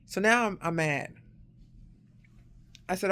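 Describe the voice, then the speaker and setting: A woman telling a personal story in a casual storytime monologue, acting out the quoted voices and growing loud and sharp when indignant. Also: low voice, steady tone, a little slow, pauses often, smooth.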